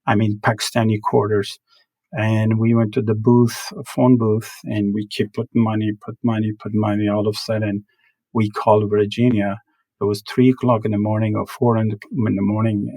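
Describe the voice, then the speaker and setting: A man tells his story in halting, earnest English full of broken grammar. His voice sits low and gravelly, with a flat, even delivery. The sound is close and dry. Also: no room sound, poor audio. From Afghanistan. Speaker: podcast guest. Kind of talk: personal life story in interview.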